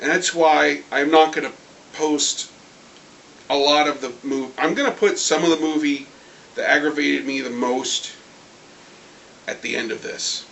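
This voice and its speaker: A man with a high voice rants about comics in an angry video review. His tone is bright and sharp, and he gets excitable and swears often. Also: a little slow, gravelly, long pauses, a little hiss or hum, rough recording. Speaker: comic book fan vlogger.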